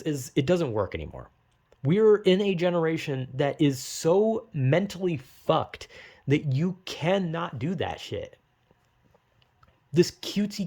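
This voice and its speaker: A man's voice: a little high, mellow. A young man talking casually, rambling and swearing, acting out quotes in goofy voices. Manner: rambling, profane, acts out quotes in silly voices. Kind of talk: casual monologue.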